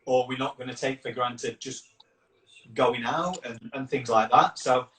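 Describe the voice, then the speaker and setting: A man hosting a live video call, earnest and rambling, circling back to restart his thoughts. His voice is mid-pitched and sounds set back from the mic in a roomy space. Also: unhurried, fairly bright tone. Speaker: campaign founder and host. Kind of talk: casual live chat. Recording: roomy echo, distant from the mic.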